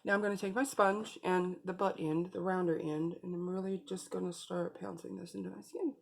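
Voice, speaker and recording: A woman's voice: lowish voice, steady tone, brisk, creaky. A woman beauty vlogger talking viewers through a makeup tutorial in a casual, chatty way, speaking straight to them.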